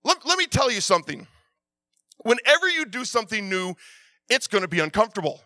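A middle-aged man preaching a sermon, telling stories with many restarts and swinging from loud urging to quiet asides. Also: sits high, big pitch swings, brisk, no echo, studio quality. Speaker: pastor.

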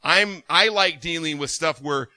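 A man preaching a sermon as a minister, telling stories in an animated way and laughing often. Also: on the high side, a little slow.

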